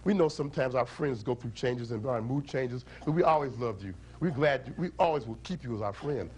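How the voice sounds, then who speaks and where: A man voicing small blind frogs who are timid yet loving and gentle. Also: mid-range voice, brisk, a little hiss or hum, pitched below the performer's own voice, close to an everyday voice. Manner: gentle, kindly.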